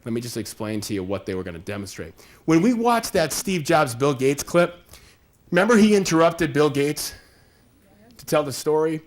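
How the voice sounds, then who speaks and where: A man's voice: a little high, very animated, moderate pace. A man giving a conversational workshop presentation, acting out little scenes with quoted voices as he explains. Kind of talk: live workshop talk.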